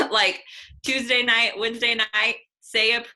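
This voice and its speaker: A young woman in her twenties speaks on a video call in a bright, ringing voice. She is blunt and chatty, with a casual swear word here and there, and she sounds relaxed and candid. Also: on the high side, takes it slowly, low-quality recording. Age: 20s. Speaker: guest coach.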